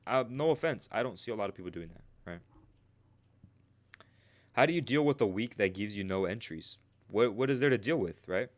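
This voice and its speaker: Low-voiced man teaching on a livestream. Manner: conversational, keeps asking "right?"; answers chat viewers by name. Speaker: trading stream host.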